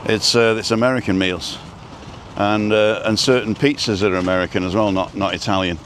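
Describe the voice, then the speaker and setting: A rambling, chatty man hosts a live stream from his phone while out on a street, pausing to read viewer comments. His voice sits on the low side, and a faint hum of traffic runs underneath. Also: fairly even intonation, a bit bright. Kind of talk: casual live-stream chat.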